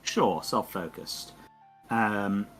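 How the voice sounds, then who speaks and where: A man's voice: on the low side, extremely slow, a bit bright, soft background music. A man running a tabletop game as game master, narrating in a meandering way and searching for words.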